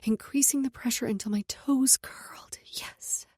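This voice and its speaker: A woman's voice: mid-range voice, lively intonation, moderate pace, warm tone, husky, dry recording. A woman narrating a romance audiobook in an intimate first-person voice that drops to a whisper in close passages.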